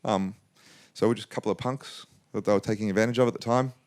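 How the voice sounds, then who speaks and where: A man in his forties from Australia, a business guest telling lively anecdotes in a casual interview and acting out quoted lines. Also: lowish voice, quick pace. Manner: animated anecdotal, acts out quotes.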